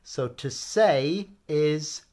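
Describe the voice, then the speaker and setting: A man's voice: a little high, drawn-out words, warm tone. A man hosting a casual language lesson, upbeat and encouraging, with frequent ums. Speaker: language teacher and host.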